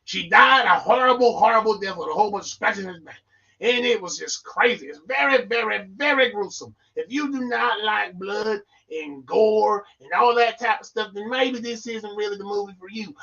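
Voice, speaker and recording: High, bright-voiced rambling male reviewer. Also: expressive, normal speed, vocal fry, dull audio. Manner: playful, rambling, goofy asides. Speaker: film reviewer. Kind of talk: casual live-stream review.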